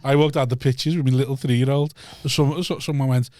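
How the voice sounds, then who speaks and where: A podcast co-host in casual chat, telling quick, chatty stories and prompting the guest. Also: male voice, medium pitch, steady tone, darkish tone, no room sound, clean studio sound. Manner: rapid chatty storytelling.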